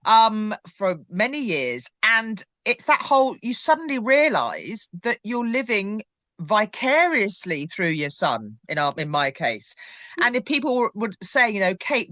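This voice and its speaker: A middle-aged woman hosting a podcast, chatting in a lively, emphatic way. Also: mid-range voice, no echo. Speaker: podcast host. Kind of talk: casual chat.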